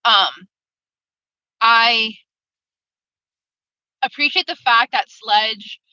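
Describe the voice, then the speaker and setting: A woman's voice: a little high, extremely slow, pushed and bright, clean tone, dry recording. Woman, blunt, casual, filler-heavy, dull call audio, dry sound. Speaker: book club member. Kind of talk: casual book discussion over a call. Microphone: video call.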